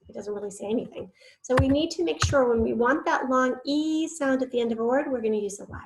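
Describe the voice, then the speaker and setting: A woman's voice: high-pitched, fast, a little hiss or hum. A woman teaching a spelling lesson, patient and encouraging, sounding words out syllable by syllable.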